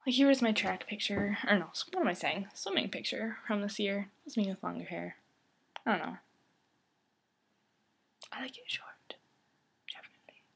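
A woman's voice: medium pitch, lively intonation, normal speed, vocal fry, long pauses, a bit bright, slight background noise. A teenage girl vlogging casually to her camera, rambling and giggly, often dropping into a whisper. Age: teens.

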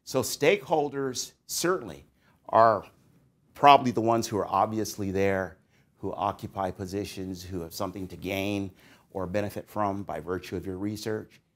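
Man, middle-aged, fairly low voice, conversational lecture, musing, shifting emphasis. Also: normal speed. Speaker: psychology professor. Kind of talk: recorded lecture to doctoral students.

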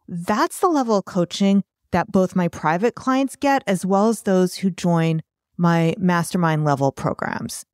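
A woman's voice: medium pitch, darkish tone, no echo, clean studio sound. A woman hosting her own podcast, a chatty and self-deprecating art business coach talking solo.

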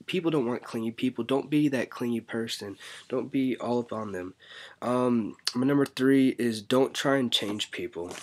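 A man giving blunt, exasperated dating advice in a casual vlog. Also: medium pitch. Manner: blunt, exasperated, mocks clingy talk. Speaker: vlogger.

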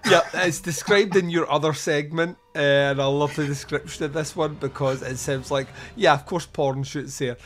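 A man hosting a podcast, reviewing a film in casual chat, animated, swearing freely and laughing often. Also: on the high side, normal speed, few pauses. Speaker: podcast host.

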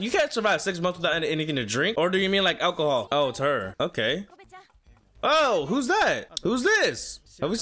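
A young man hosting a reaction video casually responds to an anime episode, chatting at the screen and reading the subtitles out loud. His voice is on the high side with a fairly bright tone.

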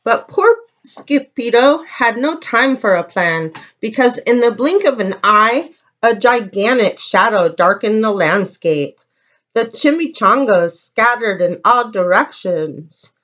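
A woman preschool teacher reading a picture book aloud with slow, expressive storytelling. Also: fairly high pitch, dull audio.

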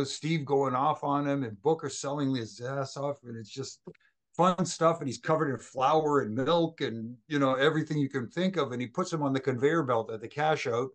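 Middle-aged guy spinning backstage stories, jumps up high for quoted bits, pretty animated. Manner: animated anecdotes, acts out quoted voices. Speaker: former wrestling referee, guest. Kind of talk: storytelling in a casual interview.

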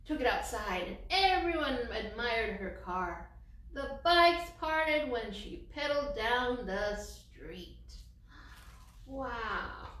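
A children's librarian reading a picture book aloud to young children in an animated, encouraging way, sprinkling in Spanish words. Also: female voice, high-pitched, distant mic. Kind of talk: read-aloud story time for children. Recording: echoey room, voice from off-mic.

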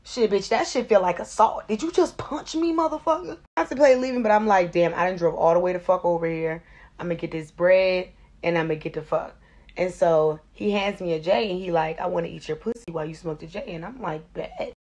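A young woman telling a comedic storytime in a brash, profane, animated way, acting out the voices of the people in her story. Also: medium pitch.

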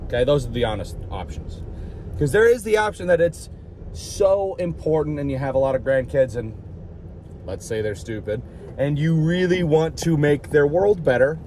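A man's voice: on the high side, darkish tone, a little hiss or hum. A man vlogging in a rambling, jokey way, outdoors by a street. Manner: rambling, jokey, puts on silly voices. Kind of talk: rambling casual vlog.

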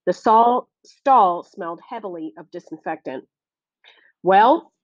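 A woman reading a novel aloud as audiobook narration, steady and clear. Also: mid-range voice, moderate pace, no echo, dull audio. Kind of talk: scripted narration.

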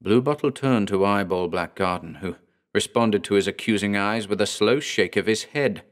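Low-voiced man narrating a horror story. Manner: measured, deliberate storytelling. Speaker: narrator and author.

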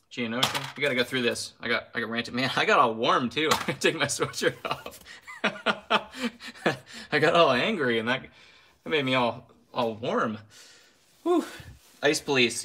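A man's voice: mid-range voice, sharp tone, a little hiss or hum. A young man hosting a casual live stream, ranting with heat, then apologizing with a laugh and reading out viewer names. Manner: reads viewer names aloud.

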